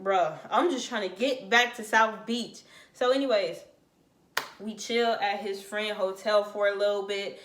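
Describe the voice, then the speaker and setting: A young woman from Florida telling a casual storytime, slangy and animated, acting out what other people said. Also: medium pitch. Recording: echoey room.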